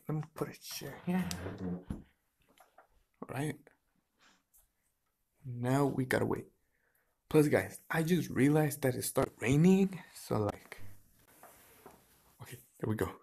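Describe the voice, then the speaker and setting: A man's voice: on the high side, a little slow, gravelly, pauses often, darkish tone, a little hiss or hum. A man chatting casually to his viewers in a vlog, rambling offhand with plenty of "like" and "so yeah". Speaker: vlogger.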